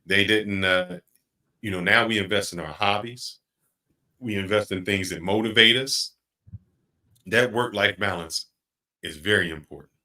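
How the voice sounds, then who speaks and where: A middle-aged man hosting a podcast, speaking in an earnest, reflective way and slowing down to stress his points. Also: lowish voice, pushed and bright. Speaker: podcast host. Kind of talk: casual podcast chat.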